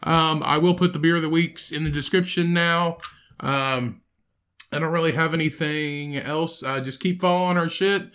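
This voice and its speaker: A man's voice: a little high, bright, forceful tone. A young man co-hosting a podcast, telling rambling profane stories and signing off the episode. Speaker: podcast co-host. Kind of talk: casual podcast banter.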